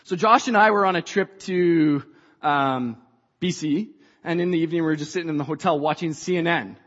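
A woman preaching a sermon to a church, passionate and rising to shouts. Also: deep voice, a little fast. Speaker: church speaker. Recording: dull sound in a reverberant hall.

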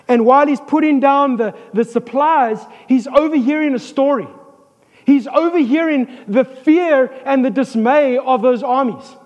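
A man preaching an animated sermon as a pastor, with joking asides and calls for amens. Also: very high voice, in a large hall, muffled recording.

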